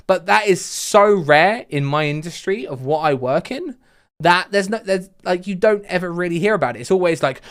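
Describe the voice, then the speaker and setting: A man's voice: high voice, normal speed, clean tone. A young man telling comic stories about his customer service job in an exasperated, ranting way. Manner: exasperated ranting, mock deadpan. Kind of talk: comedic storytime vlog.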